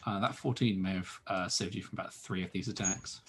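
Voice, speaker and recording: Husky low-voiced man running a game. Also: fairly even intonation, brisk, fairly bright tone. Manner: dry, teasing banter. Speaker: dungeon master. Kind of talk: narrating a tabletop game.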